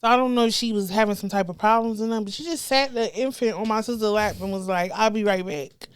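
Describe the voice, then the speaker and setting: A woman, telling wild stories as a comedian guest, animated and profane, acting out the people she quotes. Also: fairly high pitch, fast talker, smooth, dry recording. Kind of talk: casual storytelling chat.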